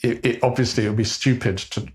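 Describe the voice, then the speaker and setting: An older man with a Southern English accent, co-hosting a podcast in a relaxed chat, pausing often with ums and restarts. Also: mid-range voice. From England. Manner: hesitant, many ums and restarts. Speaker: podcast co-host, behaviour scientist. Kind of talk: casual conversational podcast.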